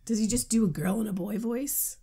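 A woman co-hosting a casual book podcast, chatty and quick to laugh, often dropping into breathy asides. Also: mid-range voice, warm tone. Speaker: podcast co-host.

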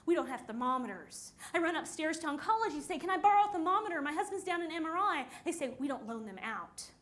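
A woman with a high, light voice speaks on a conference stage. She tells a personal story and brings each quoted person to life with lively, animated shifts in delivery. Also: fairly quick.

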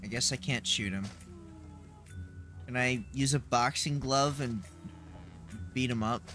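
A man's voice: medium pitch, a little slow, bright, forceful tone, soft background music. A man streaming a game who makes blunt, crude asides as he plays. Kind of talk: casual gameplay commentary.

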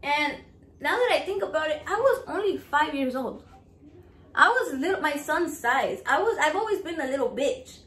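High-voiced blunt young woman telling her story. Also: animated, normal speed, a bit bright. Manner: blunt and profane, emotional. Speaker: vlogger. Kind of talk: personal storytelling. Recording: echoey room.

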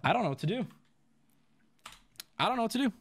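Flustered young man streamer, lively pitch. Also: fast. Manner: flustered, swearing, laughing outbursts. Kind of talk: live-stream chat while fixing audio.

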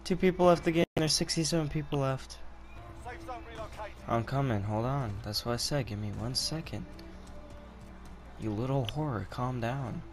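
A man giving live commentary while gaming, making excitable callouts to teammates and repeating words in quick bursts. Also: mid-range voice, music in the background. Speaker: gamer.

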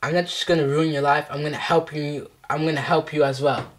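A man's voice: a little high, fairly even intonation, a little fast. A male vlogger in a comedic scolding skit, swearing heavily and repeating mock threats and taunts.

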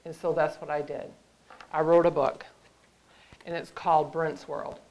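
A middle-aged woman giving an emotional personal testimony as a guest speaker, halting at times and dropping to a hush. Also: sits low, little pitch movement, poor audio. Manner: emotional, halting, with hushed whispered moments. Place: lecture room.

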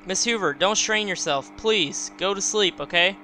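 A man's voice: high-pitched, moderate pace, pushed and bright, a little hiss or hum. A man doing a firm, soothing nurse. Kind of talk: reading game dialogue aloud.

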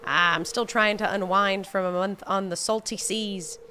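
A woman's voice: mid-range voice, steady tone, normal speed, pushed and bright, a little hiss or hum, natural voice. A woman reading game dialogue aloud as a friendly old male fisherman, in a hammy put-on seafaring accent.

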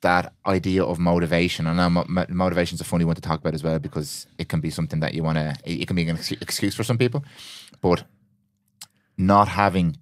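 Male podcast host, very deep voice, rapid delivery. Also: fairly even intonation, no room sound, studio quality. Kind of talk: casual podcast conversation.

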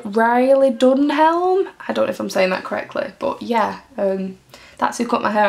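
Giggly young Mancunian woman with gravelly fry. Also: a little high. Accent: Mancunian English. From Greater Manchester, England. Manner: chatty and giggly, reads fan questions aloud. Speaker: YouTuber. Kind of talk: casual Q&A vlog.

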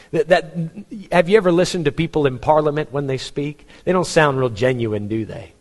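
A man's voice: medium pitch, in a large hall. Man preaching with dry humor. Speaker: pastor. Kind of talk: sermon. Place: church.

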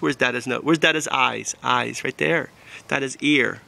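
Casual dad, home video outdoors, raspy fry with a sharp bright edge, sing-song with his toddler. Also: medium pitch, unhurried. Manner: plain explaining, relaxed. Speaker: father showing a pet habitat.

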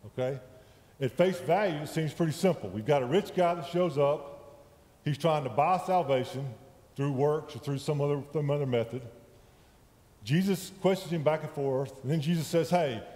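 A lay preacher gives a conversational sermon in a church sanctuary, often checking in with his listeners. His voice is on the high side with a warm tone, and the recording sounds like an echoey church hall with long reverb.

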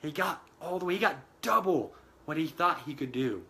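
Man, motivational speaker, slightly high voice with a bright edge, earnest, repeats phrases. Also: expressive, normal speed. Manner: earnest, addresses listeners as guys, repeats phrases for emphasis. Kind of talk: motivational talk retelling a film scene.

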